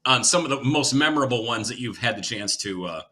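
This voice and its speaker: Easygoing male host, sharp bright tone. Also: mid-range voice, animated, fairly quick. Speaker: podcast host. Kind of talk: casual interview.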